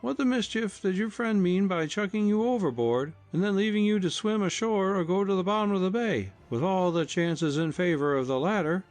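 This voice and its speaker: A man's voice: high voice, lively intonation, a little fast, hardly any pauses, soft background music, voice pushed up. A man doing a resolute young boat skipper. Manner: firm, resolute.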